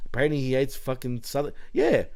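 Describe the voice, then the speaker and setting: A man's voice: mid-range voice, sing-song, a little fast, gravelly, a little mellow. A man, co-hosting a podcast in casual wrestling chat, laughing often and saying bro and dude. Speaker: podcast co-host.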